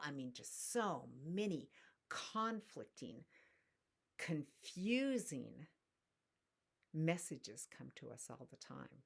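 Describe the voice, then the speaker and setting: Middle-aged woman, low voice, talks real slow and soft, spiritual teacher vibe. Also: sing-song, vocal fry, breathy edge. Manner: slow, soft-spoken, storytelling. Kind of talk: reflective spiritual talk.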